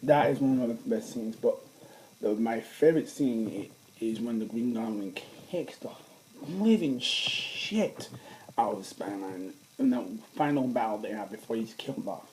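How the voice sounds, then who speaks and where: A man's voice: mid-range voice, measured pace, a little mellow, slight background noise, poor audio. Man rambling about movies. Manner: rambling, enthusiastic, with restarts. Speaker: vlogger. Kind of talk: casual fan movie talk.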